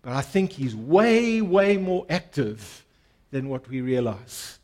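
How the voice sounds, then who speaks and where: A man's voice: medium pitch, very animated, slow, darkish tone. A pastor preaching a sermon to his congregation, earnest and emphatic, repeating key phrases and inviting listeners to respond.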